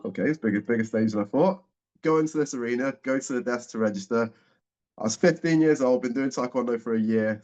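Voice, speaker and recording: A man around forty, a guest speaker telling a personal story in a lively way and acting out what people said. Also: lowish voice. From England. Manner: lively storyteller, acts out the dialogue. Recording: dull, muffled audio.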